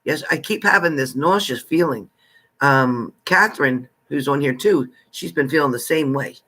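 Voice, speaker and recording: A chatty man hosting a live tarot stream, his voice sitting a little high and sounding bright and forceful. He talks casually to his viewers, greeting each one by name with familiar, friendly terms. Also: expressive, normal speed.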